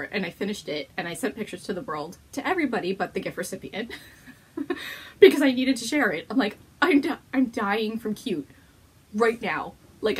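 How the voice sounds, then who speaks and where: A woman's voice: medium pitch, breathy edge. A woman hosting a knitting podcast, chatting casually at home to the camera, bubbly and gushing, laughing often.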